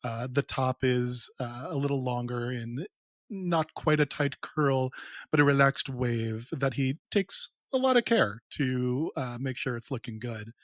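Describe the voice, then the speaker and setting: A man describing his character as a player in a tabletop game, relaxed, with many ums and uhs. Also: mid-range voice, unhurried, no room sound, poor audio.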